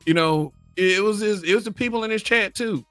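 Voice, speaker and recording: A middle-aged Southern man with a fairly high, bright voice talks a little fast and smoothly while hosting a livestream. He gives blunt, profane casual commentary, laughs often, and answers his chat. The recording is dry, with soft music behind him.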